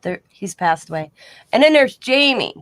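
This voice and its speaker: A woman with a slightly high voice tells long, meandering stories in a casual live chat. She acts out the back-and-forth dialogue in her own voice, and the recording is dry and close, with no room sound. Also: sing-song, moderate pace, no echo. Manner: rambling, acts out quoted dialogue in plain voice. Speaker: guest in a live online chat.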